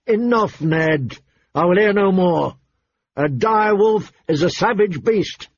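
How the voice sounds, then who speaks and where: A man's voice: high-pitched, expressive, slow pace, slightly rough, dull audio, pitched above the performer's own voice, exaggerated voice. A man voicing an angry, stubborn king who gives curt commands. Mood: commanding.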